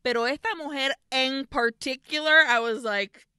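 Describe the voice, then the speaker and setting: A woman talks with a bright, crisp voice, recorded close and dry. She is co-hosting a podcast and recapping a horror film in relaxed chat. She is animated and profane, slipping into the characters' lines as she goes. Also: high voice, moderate pace, no echo. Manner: animated, swearing, acts out characters in quotes. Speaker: podcast co-host.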